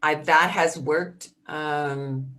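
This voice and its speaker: A woman dementia specialist answering workshop questions, hesitant with many ums and restarts, acting out gentle phrases for caregivers. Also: low-pitched, fairly even intonation, drawn-out words.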